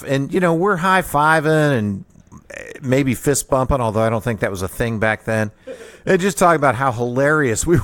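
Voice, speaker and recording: A man from the Kansas City area hosting his own radio show, telling a personal story in an animated, chuckling way. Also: medium pitch, no echo. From Kansas City area, USA. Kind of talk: solo storytelling monologue.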